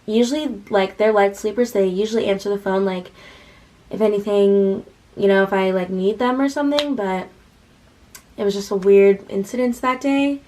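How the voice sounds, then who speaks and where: A teenage woman vlogging a storytime, chatty and rambling, with "like" scattered through every sentence. She speaks at a mid pitch and replays conversations as quoted dialogue, one after another. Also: normal speed, darkish tone, rough recording. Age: late teens. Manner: chatty, heavy use of "like", retelling with quoted dialogue. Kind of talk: casual storytime vlog.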